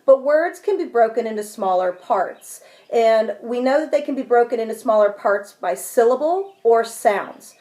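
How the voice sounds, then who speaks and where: Lady teacher, kinda high voice, patient and clear, walking through examples. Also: expressive, moderate pace, hardly any pauses, dark tone. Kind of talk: instructional video lesson.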